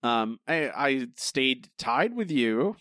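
A man's voice: medium pitch, very animated, takes it slowly, a bit bright, dry recording, studio quality. A man co-hosting a casual podcast chat and trivia quiz, self-deprecating and stumbling into restarts. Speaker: podcast co-host.

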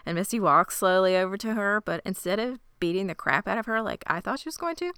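A woman's voice: mid-range voice, expressive, fast talker, fairly bright tone, clear, resonant tone, dry recording, clean studio sound. A woman co-hosting a podcast, casually and playfully retelling a show's plot. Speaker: podcast co-host. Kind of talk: casual recap chat.

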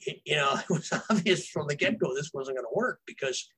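Husky guy with a higher voice, rambling thru old movie stories, lots of ums. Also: animated, brisk, pushed and bright, poor audio. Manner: rambling anecdotes with fillers and restarts. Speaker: novelist guest. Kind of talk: casual storytelling.

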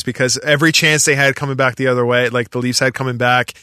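Bright-voiced man telling a rambling story. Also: on the high side, quick pace, hardly any pauses, smooth, no echo, studio quality. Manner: animated storyteller, rambling with fillers. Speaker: podcast guest. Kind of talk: casual chat.

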